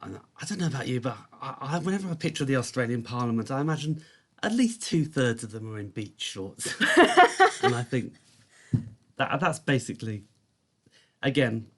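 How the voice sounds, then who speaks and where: A man co-hosting a podcast over a video call, who talks in a halting way and thinks aloud. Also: medium pitch, a bit bright. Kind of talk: casual podcast chat.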